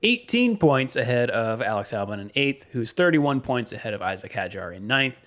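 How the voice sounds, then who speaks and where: A man co-hosting a motorsport podcast, reading weather and standings in a steady way with frequent ums and uhs. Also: medium pitch, moderate pace. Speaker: podcast co-host.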